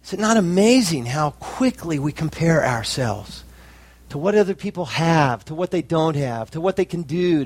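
A pastor preaching a sermon with emphatic, rising climaxes and slow drawn-out phrases. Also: male voice, on the high side, no echo.

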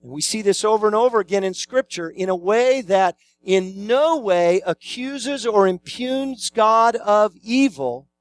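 A man preaching a sermon, emphatic and fond of repeating key phrases for weight. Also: sits high. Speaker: pastor.

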